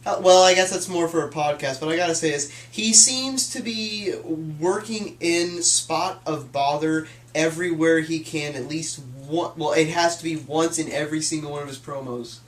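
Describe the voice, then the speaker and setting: A man's voice: a little high, normal speed, hardly any pauses. A young man co-hosting a casual chat, joking and teasing. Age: young adult. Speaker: co-host. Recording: echoey room.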